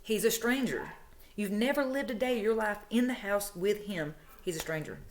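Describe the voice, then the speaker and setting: A woman's voice: mid-range voice, normal speed, slight background noise, natural voice. A woman quoting a jealous, scolding girlfriend. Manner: scolding, blunt. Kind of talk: quoted dialogue in a spoken story.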